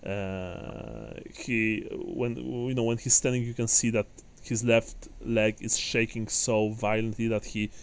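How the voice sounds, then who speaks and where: A man narrating a tabletop role-playing game as game master, unhurried and descriptive, with everyday fillers. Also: on the low side, fairly even intonation, creaky, clear, resonant tone.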